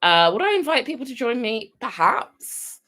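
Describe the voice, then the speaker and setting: British woman vlogger, chatty and rambling, lively up-and-down voice, casual live stream host. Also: fairly high pitch, moderate pace. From United Kingdom. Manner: chatty, rambling, wanders off topic. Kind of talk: casual chat to viewers.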